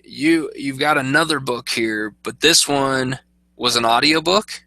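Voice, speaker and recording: A man co-hosting a podcast in casual chat, easygoing, with quick short reactions. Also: mid-range voice, pushed and bright, no room sound, poor audio. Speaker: podcast co-host.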